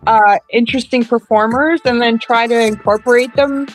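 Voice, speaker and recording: A woman co-hosting a casual stream chat, chatty and quick to laugh. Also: fairly high pitch, steady tone, rough recording. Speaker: podcast co-host. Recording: faint background music.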